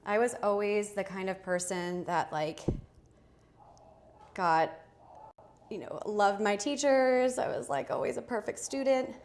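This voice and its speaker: Woman livestream fashion host, unhurried, chatty, faint room hiss, small home studio. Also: medium pitch, steady tone, a little mellow. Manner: chatty, self-interrupting, talks to viewers. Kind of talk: casual live try-on chat.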